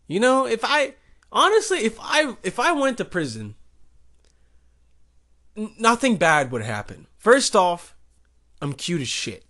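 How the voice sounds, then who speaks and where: A man's voice: high voice, sing-song, unhurried, pauses often, sharp tone. A man hosting a podcast, rambling through a crude comic monologue. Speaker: podcast host. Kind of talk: comedic solo monologue.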